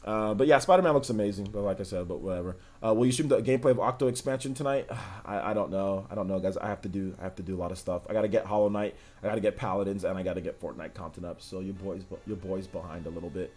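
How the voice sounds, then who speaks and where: He's a livestream host with a deep, darkish voice who talks fast and barely pauses. Faint music plays as he rambles casually to his chat, filling the gaps with filler words.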